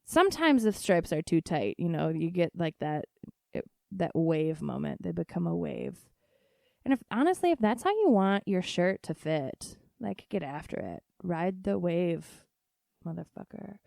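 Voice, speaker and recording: A woman's voice: on the low side, very animated, measured pace, creaky, darkish tone, no echo, clean studio sound. A woman hosting a casual solo podcast, talking frankly and swearing freely, often laughing. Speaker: podcast host.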